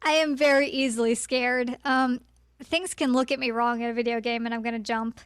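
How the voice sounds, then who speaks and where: A woman's voice: a little high, fairly even intonation, moderate pace, smooth, no echo, studio quality. A woman co-hosting a podcast, chatty and self-deprecating, with hesitant fillers. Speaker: podcast co-host. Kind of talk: casual chat.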